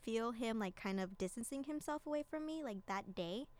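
A woman's voice: a little high, expressive, moderate pace, darkish tone. A young woman co-hosting a podcast, telling a personal story in a chatty, casual way with lots of filler words in a studio. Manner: chatty storytelling, heavy use of "like". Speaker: podcast co-host. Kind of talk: casual chat.

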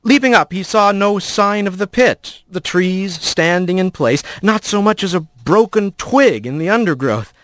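A man narrating an audiobook in expressive storytelling style. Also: sits high, measured pace, few pauses, no room sound, clean studio sound. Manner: expressive storytelling, voices the characters.

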